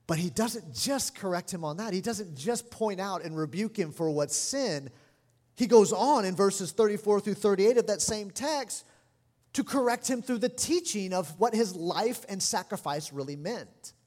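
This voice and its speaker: Animated preaching man in a reverberant hall. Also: high-pitched, moderate pace. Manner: animated preaching, lively mimicry of scolding parents. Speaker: pastor. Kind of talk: sermon.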